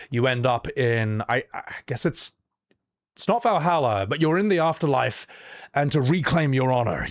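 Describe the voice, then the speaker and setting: A man's voice: medium pitch, no echo, studio quality. A young Australian man streaming live, reacting to trailers in a casual, sweary, ranting way.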